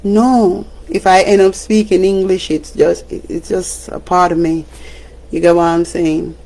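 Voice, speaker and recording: Jamaican lady radio host just chatting on a livestream, slow and gravelly, laughs a lot. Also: lowish voice, level tone, mellow. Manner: chatty, laughs often, breaks into song. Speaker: radio broadcaster. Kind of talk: casual livestream monologue.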